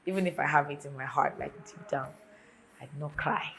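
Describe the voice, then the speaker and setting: A young woman with a Nigerian accent talking earnestly and warmly to her viewers in a casual vlog. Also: sits low, a little fast, gravelly, slight background noise, poor audio. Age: young adult. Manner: earnest and warm toward viewers, heartfelt. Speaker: vlogger.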